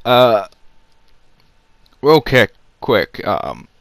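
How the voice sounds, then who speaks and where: A man's voice: medium pitch, big pitch swings, extremely slow, vocal fry, fairly bright tone, no echo. A man giving a casual, rambling movie review, sarcastic and full of fillers.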